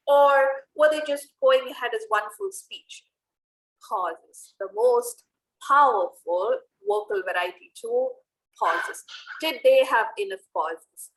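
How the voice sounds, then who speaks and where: A woman's voice: sits high, fairly bright tone, rough recording. A young woman teaching how to evaluate speeches, explaining step by step with many rhetorical questions. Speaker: public speaking coach. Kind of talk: online teaching talk.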